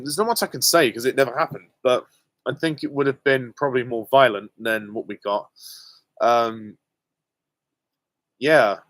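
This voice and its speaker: A young British man hosting a live viewer Q and A, answering casually and candidly with many pauses and ums. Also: mid-range voice, a bit bright, dry recording. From Britain. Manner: hesitant, many ums, candid and self-deprecating. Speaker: channel host answering viewer questions.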